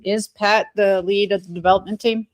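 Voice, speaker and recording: A woman's voice: medium pitch, steady tone, normal speed. A woman livestreaming in a rambling, irritated way, swearing often. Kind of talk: casual livestream chat.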